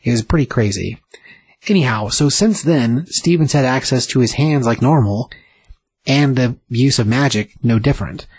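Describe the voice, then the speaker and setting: Husky-voiced man recapping a comic. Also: medium pitch, moderate pace, darkish tone, dry recording, low-quality recording. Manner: rambling, filler-heavy, enthusiastic. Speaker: comic book reviewer. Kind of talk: casual comic book recap.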